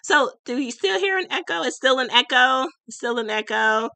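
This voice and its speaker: A woman chats through a casual livestream Q&A with a bright, sharp tone, full of fillers, restarts and easy laughter. She sits back from her computer microphone, so she sounds a little distant, but the sound stays dry with no room echo. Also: high-pitched, expressive, moderate pace, creaky. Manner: chatty, laughs often, many fillers and restarts. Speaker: livestream host and spiritual shop owner. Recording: voice a bit far from the mic.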